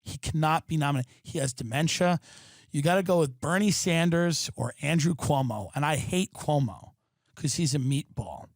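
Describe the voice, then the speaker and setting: Brief: male comic host, fairly high voice, profane animated rant, dry close sound. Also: moderate pace, no echo. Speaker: podcast host. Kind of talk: ranting comedic monologue. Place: his apartment.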